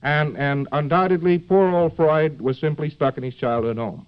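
Smooth and fairly high in pitch, a man's voice moves at normal speed through a rambling, humorous live lecture, with plenty of fillers and rhetorical asides such as "see?". Dull, lo-fi audio from an old lecture.

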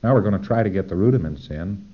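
A man's voice: low-pitched, lively intonation, fast. A man giving a technical lecture, explaining step by step with dry humor and acting out short examples, on a dull lo-fi tape recording.

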